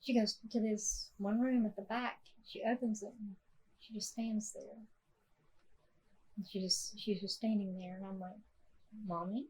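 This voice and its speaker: A woman, hosting a podcast and telling a personal story softly, with many fillers and restarts. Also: medium pitch, steady tone, a little slow, a little hiss or hum, rough recording. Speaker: podcast host.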